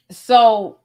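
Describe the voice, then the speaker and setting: A woman's voice: on the high side, gravelly. Chatty woman talking straight to her viewers. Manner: chatty, animated, addresses viewers directly. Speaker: vlog host. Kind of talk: casual chat.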